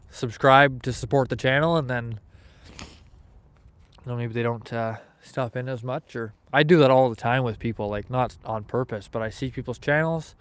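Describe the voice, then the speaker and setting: A man's voice: mid-range voice, clean tone, dry recording. Laid-back man chatting on a live fishing stream. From Canada. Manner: easygoing, chatty, rambling with restarts. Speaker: fishing livestream host. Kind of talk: casual livestream chat, reading viewer comments aloud. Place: outdoors, fishing in snow.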